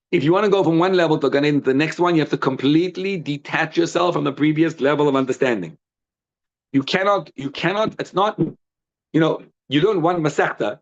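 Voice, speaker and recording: A man teaching a live Torah class in an animated, conversational way, full of rhetorical questions, quick restarts and Hebrew and Yiddish terms. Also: fairly high pitch, lo-fi sound. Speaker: rabbi teaching a daily class. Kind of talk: informal Torah lesson, storytelling.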